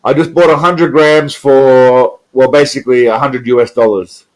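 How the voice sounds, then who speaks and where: A man's voice: medium pitch, fairly even intonation, normal speed, darkish tone, poor audio. An Australian man chatting casually on his live stream, crude and profane as he reacts to viewer comments.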